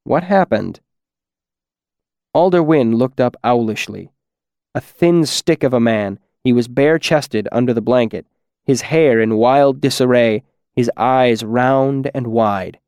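A man's voice: medium pitch, a little slow, darkish tone, clear, resonant tone, no room sound. Man narrating an audiobook, dry and close. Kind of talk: first-person audiobook narration.

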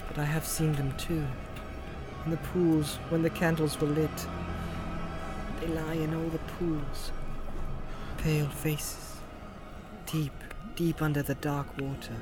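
A man voicing a haunted young hero in an audiobook, speaking softly and as if from far away. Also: a little high, flat delivery, loud music behind the voice, voice pushed up. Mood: haunted, dreamy. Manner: soft, faraway, halting. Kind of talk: audiobook character voice.

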